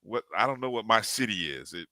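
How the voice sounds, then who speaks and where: A man's voice: fairly low pitch, expressive, brisk, pushed and bright, no room sound. A man co-hosting a live sports talk show, animatedly greeting chat viewers one by one by name.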